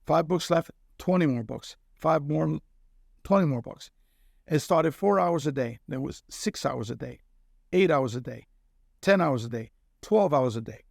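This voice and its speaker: A man's voice: a little high, expressive, measured pace, gravelly, no room sound, clean studio sound. A middle-aged man from Cuba, a guest telling a personal story in casual conversation and often checking in with "okay?". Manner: earnest storyteller who keeps checking in with "okay?".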